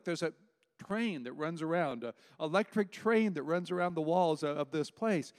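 A man's voice: fairly high pitch, animated, normal speed. A man in his sixties preaching a sermon, firing emphatic rhetorical questions and mixing in folksy personal stories. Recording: long reverb of a large hall.

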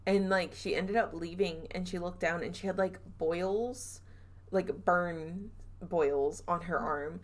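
Woman podcast host, lower-pitched, chatty storyteller who laughs and trails off a lot. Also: steady tone, slow. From Southern US. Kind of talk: casual storytelling chat.

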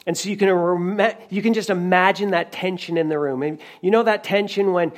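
Speaking a little fast in a high, steady voice, this man delivers a sermon conversationally. He's a pastor retelling a story, restarting often and repeating others' dialogue.

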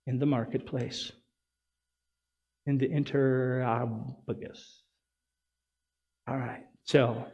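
A man's voice: fairly high pitch, darkish tone. A man preaching a sermon as pastor, earnest and building to emphatic repetition.

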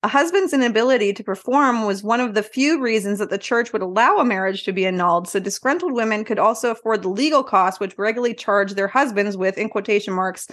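A woman's voice: mid-range voice, quick pace, few pauses, a bit bright. A woman co-hosting a casual podcast, loose and wisecracking, laughing as she reads her notes. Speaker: podcast co-host.

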